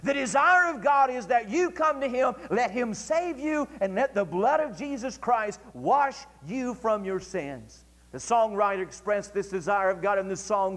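A male pastor delivering a fervent sermon to his congregation, slowing down and drawing out key phrases for emphasis. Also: high-pitched, expressive, fairly bright tone. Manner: fervent preaching, slows down and stretches key phrases. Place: church sanctuary. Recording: church archive recording with long hall reverb.

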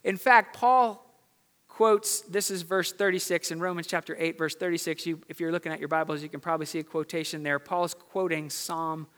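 Bright-voiced preacher guy, emphatic and repetitive, church echo trailing long. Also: a little high, steady tone, moderate pace. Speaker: pastor. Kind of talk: sermon. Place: church sanctuary.

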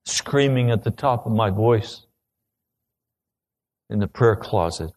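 Slow, earnest male preacher. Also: on the low side, animated, a little mellow. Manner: slow, earnest testimony, rising to urgent questions. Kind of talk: sermon.

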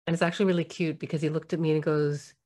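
Middle-aged woman, low voice, reflective storyteller voicing her family's lines; parenting talk. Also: fairly even intonation, rapid-fire. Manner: warm, reflective, acts out quoted voices. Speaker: parenting speaker.

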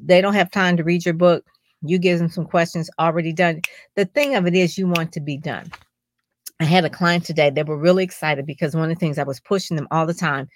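On a podcast, a woman speaking as a publicity strategist gives emphatic advice, coaching listeners and posing plenty of rhetorical questions. Her voice is fairly low and steady in tone, brisk in pace, with no room sound.

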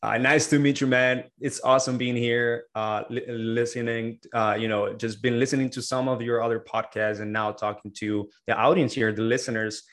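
A man's voice: mid-range voice, steady tone, moderate pace, few pauses, a bit bright. A man as a podcast guest, explaining in an earnest, casual way. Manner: earnest, explains with many fillers and restarts. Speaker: podcast guest, agency owner. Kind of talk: casual interview talk.

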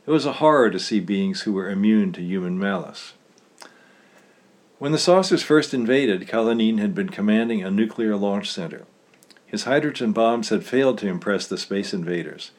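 Man, author reading his story aloud, steady delivery, low-pitched voice. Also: moderate pace.

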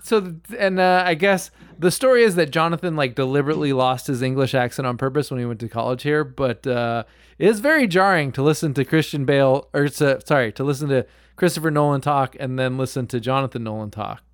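A man's voice: mid-range voice, fairly quick, no room sound, clean studio sound. A man chatting casually about a film, rambling with frequent restarts and swearing.

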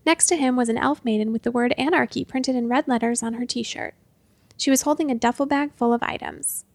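A woman narrating a storybook with an expressive, measured delivery. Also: a little high, no echo.

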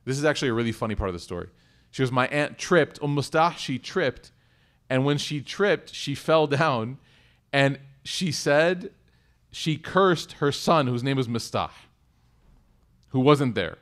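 A man's voice: medium pitch, expressive, measured pace, a bit bright. A young man giving a casual storytelling lecture as an Islamic teacher. He acts out the quotes and adds joking asides.

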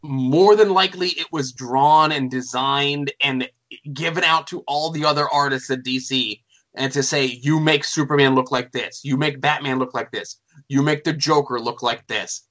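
Bright-voiced man explaining to listeners. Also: mid-range voice, steady tone, moderate pace, dull audio. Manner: explains things for listeners, fillers like "uh". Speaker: podcast host. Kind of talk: casual chat.

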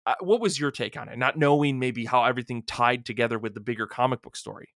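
Podcast guy chatting about an episode, middle pitch, dry close sound, kinda animated. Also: fast, no room sound. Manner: animated, retells scenes with quoted voices. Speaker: podcast co-host. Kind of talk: casual recap chat.

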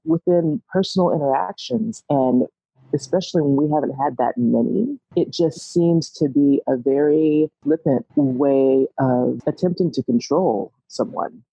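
A man co-hosting a podcast who talks in an animated way, laughing and acting out what others have said to him. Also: a little high, measured pace, gravelly, husky, dry recording. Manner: animated, laughing, acts out quotes. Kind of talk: podcast interview conversation. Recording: dry, dull lo-fi sound.

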